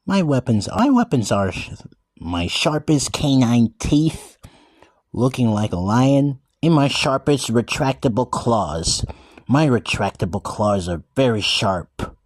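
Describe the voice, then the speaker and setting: A man giving an earnest in-character monologue, talking haltingly with restarted words and often calling out to everyone. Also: mid-range voice, expressive, no echo, studio quality. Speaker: vlogger describing himself as a wildcat.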